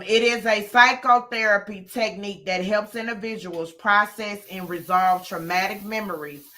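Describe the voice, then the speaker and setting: A woman hosting a casual live chat from home, talking easily with frequent ums and pauses. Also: medium pitch, pushed and bright.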